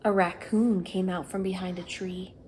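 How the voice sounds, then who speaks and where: A woman reading a children's picture book aloud, gentle and steady. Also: fairly low pitch, slight background noise. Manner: slow, gentle storytime reading. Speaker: storyteller. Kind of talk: children's read-aloud story.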